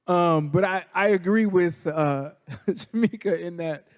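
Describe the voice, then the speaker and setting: A man in casual chat, sounding thoughtful and measured. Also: sits high. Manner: thoughtful, measured, hesitant starts. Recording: long reverb in a hall.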